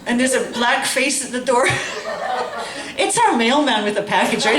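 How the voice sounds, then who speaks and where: A woman telling a personal story in a lively, animated way, acting out the voices of others with laughter. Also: on the high side, normal speed, echoey room, crowd noise. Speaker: guest storyteller. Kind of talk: casual storytelling.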